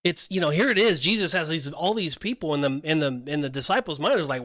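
A man with a fairly high voice talks through a Bible passage in a relaxed podcast chat. He slips into quick acted-out asides to voice what people might say. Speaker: podcast co-host. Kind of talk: casual Bible discussion.

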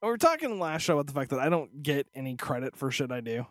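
A man's voice: medium pitch, sing-song, fast, few pauses, no echo, clean studio sound. A man co-hosting a casual podcast, joking, crude and teasing. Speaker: podcast co-host. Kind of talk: casual chat.

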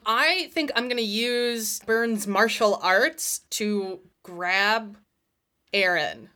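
A woman co-hosting a tabletop game podcast, recounting her character's moves with animated storytelling and laughter. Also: mid-range voice, drawn-out words. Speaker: podcast co-host and tabletop player. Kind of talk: casual chat and in-game narration.

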